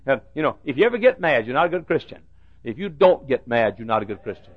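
A man preaching a fiery fundamentalist sermon, swinging from hushed asides to shouted warnings. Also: medium pitch, big pitch swings, quick pace. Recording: dull lo-fi old recording.

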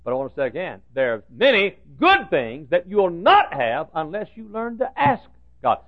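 An older male pastor preaching a sermon full of folksy stories, with a gravelly voice, swinging from loud preaching to hushed asides. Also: on the high side, sing-song, normal speed, no room sound. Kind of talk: sermon with storytelling. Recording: tinny phone-like sound.

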